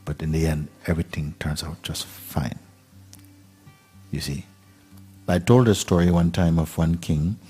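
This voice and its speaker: A man giving a spiritual talk, telling a parable slowly and gently with many pauses. His voice is very deep and a little husky, with faint music playing behind. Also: fairly even intonation. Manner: unhurried, gentle, with pauses and fillers. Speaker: spiritual teacher.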